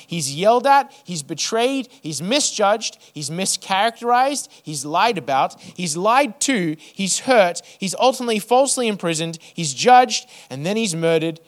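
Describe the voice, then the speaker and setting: A man preaching a sermon to his church, building rhythmic lists and then dropping to a soft hush. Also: high-pitched. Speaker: pastor.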